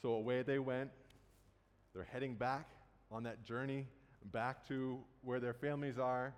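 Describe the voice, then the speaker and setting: A man's voice: medium pitch, flat delivery, a little slow, clear, resonant tone. A man preaching a sermon, retelling a Bible story in a conversational way and casually acting out the quotes. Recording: long hall reverb.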